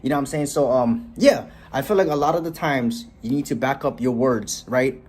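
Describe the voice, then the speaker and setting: Blunt, profane young man with a husky voice. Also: mid-range voice, brisk, a little mellow. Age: young adult. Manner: blunt, profane, repeats "right?" often. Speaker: motivational vlogger. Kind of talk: casual motivational rant to camera. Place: bedroom, then walking outdoors on a street.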